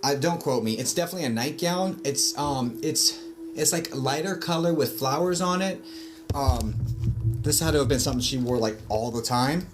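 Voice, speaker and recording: A man's voice: mid-range voice, normal speed. A man working as a psychic medium on a casual livestream, rambling through his reading with lots of fillers and self-corrections. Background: background music.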